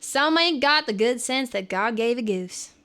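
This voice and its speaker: A woman's voice: fairly high pitch, expressive, unhurried, fairly bright tone. A woman putting on a Southern US accent to voice a sassy, folksy Southern belle full of homespun sayings.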